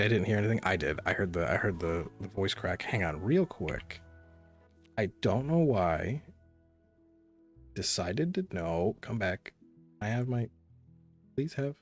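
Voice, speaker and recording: A man streaming a cozy game, chatting casually and rambling to his viewers. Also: fairly low pitch. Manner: rambling, chatty, talks to chat. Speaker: gaming streamer. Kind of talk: casual live-stream chat.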